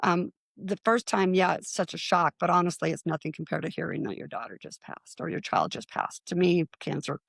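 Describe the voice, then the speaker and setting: A middle-aged woman telling her own story in casual talk, lively and quick to act out what others said. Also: vocal fry, no room sound. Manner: animated, acts out quoted voices with rising pitch. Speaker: guest.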